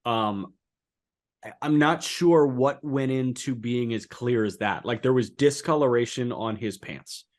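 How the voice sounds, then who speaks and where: A man co-hosting a relaxed sports podcast, speaking into a podcast microphone at a mid pitch. He talks in an animated, incredulous way, and his voice climbs high whenever he drives a point home. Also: a little slow. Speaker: co-host. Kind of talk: casual sports podcast chat.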